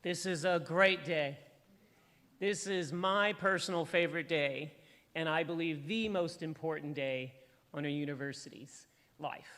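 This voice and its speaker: A woman university official opening a graduation ceremony in a formal, measured, welcoming manner. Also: sits low, fairly even intonation, a bit bright. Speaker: university official presiding at convocation. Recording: livestream audio with long hall reverb.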